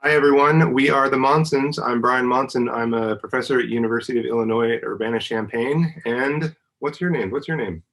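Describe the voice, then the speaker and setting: A man's voice: medium pitch, steady tone, brisk, hardly any pauses, fairly bright tone, rough recording. A man, a university professor, patiently walking children through a hands-on science demonstration at home, singing notes and making vocal sounds to show how they work. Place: family home.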